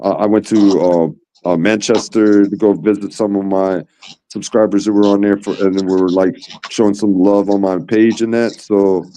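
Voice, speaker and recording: A man's voice: fairly low pitch, flat delivery, moderate pace, mellow, slight background noise. An American man chatting casually on a stream, laid-back and repeating words, often saying "man". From United States. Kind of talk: casual chat. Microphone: streaming call.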